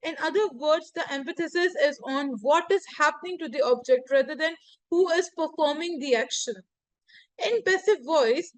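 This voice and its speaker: A woman with a high, bright voice teaches grammar online. She works slowly through one example after another, and her phrasing and pronunciation are non-native. The recording is close and dry, with no room sound. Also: dry recording, rough recording. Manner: explains step by step with repeated examples, frequent "so" and "here". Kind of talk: grammar lecture.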